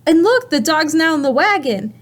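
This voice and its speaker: A slightly high-voiced woman teaching a recorded writing lesson to young children. She speaks slowly and in an animated, sing-song way, often asking questions of her class. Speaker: kindergarten teacher.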